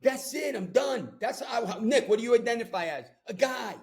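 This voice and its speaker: A man's voice: extremely high pitch, moderate pace, soft background music. A man with a New York accent hosting a podcast, ranting and swearing in casual chat. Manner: profane, ranting, animated. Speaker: podcast host.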